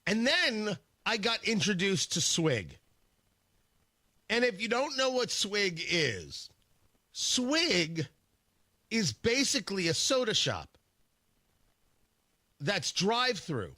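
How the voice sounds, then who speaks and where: A man's voice: sits high, very animated, slow pace, long pauses, sharp tone, dry recording. A male radio host in a studio, talking in a casual, wry, rambling way with many stammered restarts. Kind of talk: casual morning radio talk.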